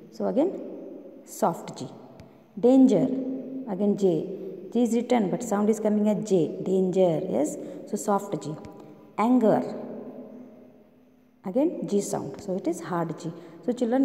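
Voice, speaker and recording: Lady teacher drilling kids on sounds, dark gravelly voice, lots of room echo. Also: medium pitch. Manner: slow, repetitive, drilling sounds with many questions. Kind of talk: online phonics lesson for young children. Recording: roomy echo with long reverb.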